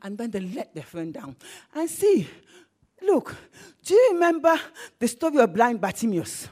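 High, animated woman preacher. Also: normal speed. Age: adult, married. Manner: animated, swings into bursts of shouting. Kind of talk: sermon.

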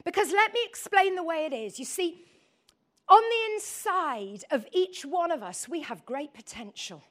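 A middle-aged woman from the north of England delivers a lively sermon, her voice sitting high and bright. She talks straight to the congregation, throws out questions and drifts into chatty personal asides. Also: moderate pace. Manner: animated, asks the audience questions, chatty asides. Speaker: preacher.

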